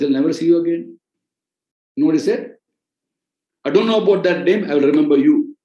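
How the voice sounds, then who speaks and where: A man's voice: fairly high pitch, dark tone, echoey room, dull audio. A man with an Indian accent preaching in an earnest way, repeating key phrases for emphasis. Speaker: ministry president and preacher. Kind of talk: sermon-style teaching on a podcast.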